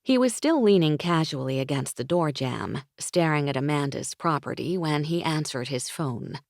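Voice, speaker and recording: A woman narrating a romance audiobook in a smooth, intimate storytelling manner. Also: low-pitched, expressive, moderate pace, no echo, studio quality.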